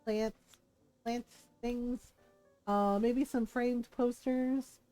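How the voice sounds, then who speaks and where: A woman's voice: fairly high pitch, steady tone, very slow, dark tone, no room sound, soft background music. A woman streaming a life-sim game, chatting casually, telling stories and laughing often. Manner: chatty, storytelling, laughs often, playful quoted voices.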